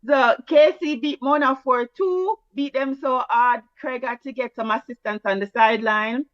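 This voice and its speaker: A woman with a Jamaican accent co-hosting a casual sports chat, teasing and quick-fire in her delivery. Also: sits high, dry recording. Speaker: co-host. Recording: dull, dry, lo-fi mic.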